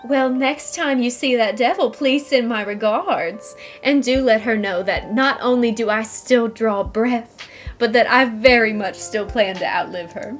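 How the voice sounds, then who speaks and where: A woman's voice: a little high, a little slow, soft background music, close to an everyday voice. A woman playing a wry, dry-humored townswoman in a game. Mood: teasing. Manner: dry, teasing. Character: wry woman, town local with a dog.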